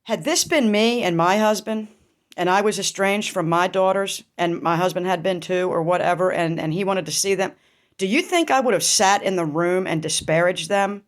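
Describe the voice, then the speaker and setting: A woman's voice: fairly low pitch, moderate pace. A middle-aged woman vlogger telling a raw personal story, intense and profane, full of rhetorical questions.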